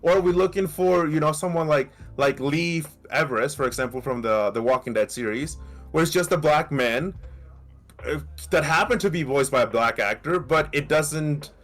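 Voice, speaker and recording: A man's voice: a little high, moderate pace, fairly bright tone, soft background music. A man from Mexico talking on a casual podcast panel, with many fillers and restarts. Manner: grows heated and emphatic. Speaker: podcast co-host.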